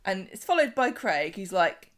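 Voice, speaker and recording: A woman's voice: medium pitch, big pitch swings, moderate pace, fairly bright tone. A woman co-hosting a podcast, chatting casually as she recaps a soap opera and acts out the characters' lines. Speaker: podcast co-host.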